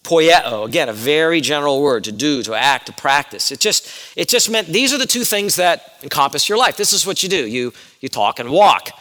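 A man's voice: fairly high pitch, big pitch swings, normal speed, hardly any pauses, bright, forceful tone, big-room sound. A male pastor giving an earnest expository sermon, explaining Greek words and asking his congregation questions.

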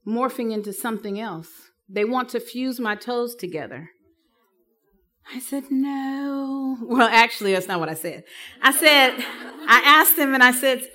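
A woman giving a live talk to counselors, telling stories with humor and acting out the people she quotes. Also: a little high. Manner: lively, humorous storytelling with acted-out quotes. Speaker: speaker teaching counselors.

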